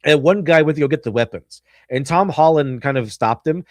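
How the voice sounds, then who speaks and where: A man's voice: fairly high pitch, brisk, no echo, clean studio sound. A man hosting a stream, rambling through casual film commentary in a sarcastic tone, full of fillers and restarts. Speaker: stream host.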